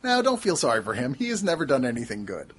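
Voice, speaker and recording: A man's voice: medium pitch, fast talker, breathy edge. A man co-hosting a casual podcast, recapping and reviewing movies in a wry, storytelling way. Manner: animated, wry storytelling with frequent laughs. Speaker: podcast co-host.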